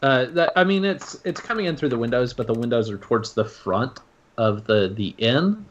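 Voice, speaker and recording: Male game master, halting narration, dull lo-fi audio. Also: medium pitch, expressive, a little hiss or hum. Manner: halting, many filler sounds. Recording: dull lo-fi recording.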